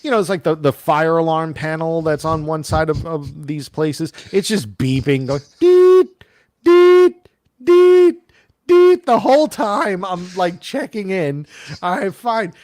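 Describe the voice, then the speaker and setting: A man co-hosting a podcast, telling a long story in a casual, animated way and acting out the voices of the people in it. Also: fairly high pitch, normal speed, no room sound. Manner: animated, acts out quoted voices. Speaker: podcast co-host.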